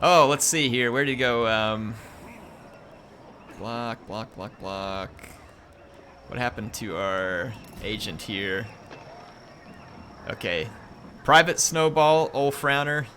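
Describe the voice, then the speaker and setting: A man's voice: medium pitch, expressive, slow pace, sharp tone, slight background noise. A man casually commenting on a strategy game during a live stream, chatting with viewers and reading their messages aloud. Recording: music playing under voice.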